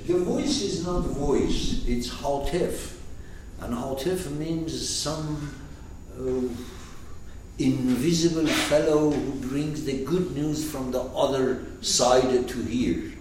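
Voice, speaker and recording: A man's voice: medium pitch, slow. A man teaching a class on a poetic text, speaking emphatically and asking his students questions. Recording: echoey room, distant mic, faint noise.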